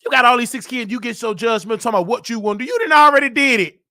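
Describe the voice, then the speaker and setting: A man with a Southern US accent hosting a comedic live-stream rant, loud and teasing, breaking into laughs and mock voices. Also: extremely high pitch, very fast. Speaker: host.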